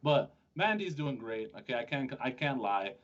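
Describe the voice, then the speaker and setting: A man's voice: mid-range voice, sing-song, normal speed, crowd noise. A man hosting a sports podcast, chatting casually and joking with his co-host, often restarting his sentences. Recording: dull lo-fi sound.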